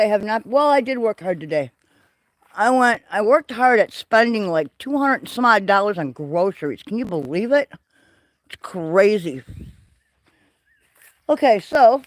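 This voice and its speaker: A man hosting a livestream, walking through his greenhouse and garden and chatting in an excitable, rambling way. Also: sits high, normal speed, dry recording, clean studio sound. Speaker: livestream host. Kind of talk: casual walking garden tour. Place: greenhouse and garden, partly outdoors.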